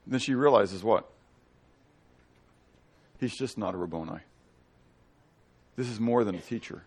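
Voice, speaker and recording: A man preaching a sermon as pastor, animated, often asking the congregation questions and swinging between loud and hushed delivery. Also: on the low side, a little slow, husky.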